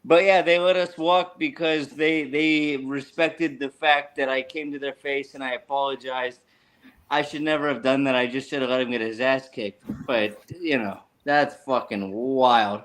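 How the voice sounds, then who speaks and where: An American man hosting a casual chat, telling stories in a crude, animated way. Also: mid-range voice, normal speed. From United States. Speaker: host.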